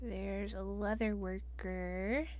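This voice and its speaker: A woman running a tabletop game as game master, describing the scene with relaxed, dry jokes. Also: medium pitch, takes it slowly.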